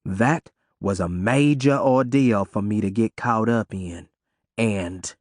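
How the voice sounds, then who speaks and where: A hard, secretive woman lectures in a slow, lowered drawl, as a male narrator puts her on. Her words come heavy and deliberate. The sound is dry and close. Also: no echo. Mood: stern. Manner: slow, low, clipped dialect. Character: gruff, hard-drinking Southern woman, stern and secretive.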